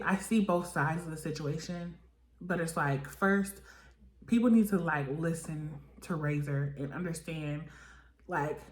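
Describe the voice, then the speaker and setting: A woman recapping a reality TV episode in casual chat, acting out the cast's lines with big jumps in pitch. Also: roomy sound. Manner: animated, acts out quotes with lively pitch jumps.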